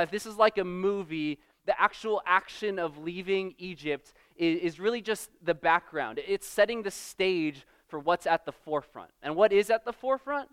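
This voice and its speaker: A man's voice: high-pitched, a bit bright, smooth. A young man preaching a sermon, earnest and emphatic, often restarting his words as he builds a point.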